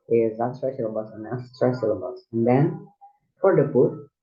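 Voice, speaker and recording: Slow, halting man explaining a lesson. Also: medium pitch. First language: Indonesian. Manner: halting, with many restarts and fillers, explaining step by step. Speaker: student teacher. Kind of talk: recorded classroom lesson. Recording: dull lo-fi recording.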